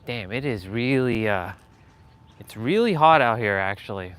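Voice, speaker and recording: A man's voice: fairly low pitch, lively intonation, unhurried, fairly bright tone, clear, resonant tone. A man vlogging casually while he walks outdoors on a residential street, rambling to himself in loose, profane chatter. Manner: laid-back, profane, rambling self-talk.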